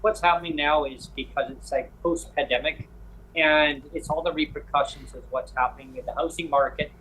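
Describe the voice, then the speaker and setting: A man's voice: on the high side, fairly even intonation, fairly quick, fairly bright tone, a little hiss or hum, rough recording. A man rambling through a travel story in casual chat, acting out the people he met. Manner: rambling storyteller, acts out dialogue.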